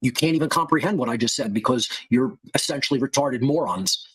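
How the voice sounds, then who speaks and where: Hosting his podcast, a man with a husky mid-range voice talks fast, berating listeners in a heated, scornful rant laced with insults and profanity.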